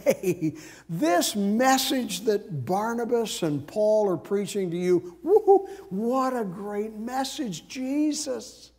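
A man's voice: high-pitched, very animated, slow, darkish tone, full character voice. A preacher voicing smug male false teachers with a mock-friendly, sing-song delivery. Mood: wheedling.

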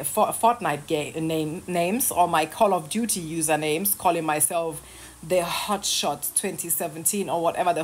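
Lying in bed at home, an online creator in her thirties rants casually to camera, sarcastic and heated, swearing and laughing between jabs. Her voice is lowish and husky.

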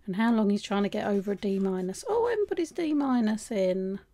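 A woman chatting casually through an art supply unboxing, rambling and restarting her sentences, her voice going a little hoarse. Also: mid-range voice, lively intonation, quick pace, warm tone. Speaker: art vlogger.

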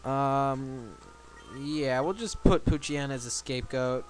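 A man's voice: mid-range voice, measured pace, clear, resonant tone, faint music behind. A young man giving casual, sarcastic let's play commentary and reading game text aloud in a joking way.

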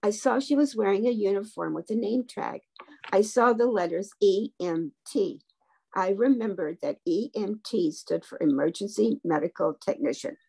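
A woman reading a children's story aloud for a book club, gently voicing the characters' lines. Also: medium pitch, normal speed, gravelly, breathy edge. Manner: gently voices the characters' dialogue.

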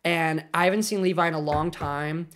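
A young woman in her twenties streaming, chatting casually and excitably with lots of filler words. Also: low-pitched, moderate pace. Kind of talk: casual livestream chat.

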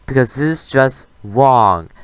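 A man's voice: mid-range voice, expressive, takes it slowly, clear, resonant tone, no echo. A man hosting a reaction commentary, talking back at a clip in a defiant, retorting rant. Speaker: commentary host.

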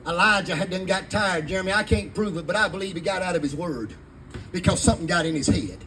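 A man's voice: high-pitched, fast talker, pushed and bright, a little hiss or hum, rough recording. A man, preaching fervently in a sermon to a live congregation. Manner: fervent preaching in Southern vernacular. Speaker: pastor.

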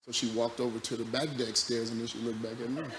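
A man preaching a sermon as a pastor, telling a story that swings from loud, laughing bursts to quiet, low passages. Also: flat delivery, fast talker. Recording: echoey room with loud background noise.

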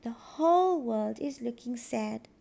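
A woman voicing a sad, gentle young male duck in a storybook reading, speaking softly and wistfully. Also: a little high, animated, measured pace, gravelly.

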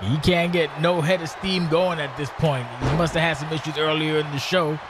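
A man's voice: on the high side, steady tone, normal speed, background noise. A man doing color commentary on wrestling, rambling with sarcastic, mocking jokes. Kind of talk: joking wrestling game commentary.

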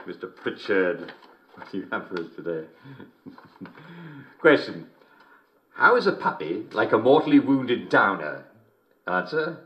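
A man's voice: fairly low pitch, very animated, slow, pauses often, highs cut off. An actor playing a jovial, middle-aged English TV host who chuckles between lines with a smarmy showman delivery, in a scripted game broadcast. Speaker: TV and radio host.

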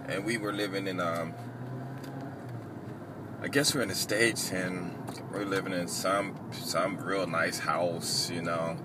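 A man casually telling a long story, rambling and halting, with many fillers and restarts. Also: low voice, heavy background noise.

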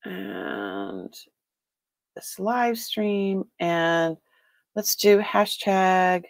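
A woman's voice: mid-range voice, expressive, drawn-out words, creaky, dry recording. A woman with a Boston accent hosting a casual live-stream sale, chatting and greeting viewers by name with frequent laughs.

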